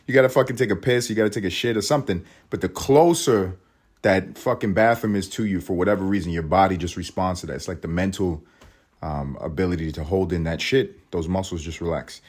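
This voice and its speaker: Podcast guy telling a story, lowish voice, swears nonstop, animated. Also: brisk, husky. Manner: profane, animated, swears constantly. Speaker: podcast host. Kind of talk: storytelling monologue.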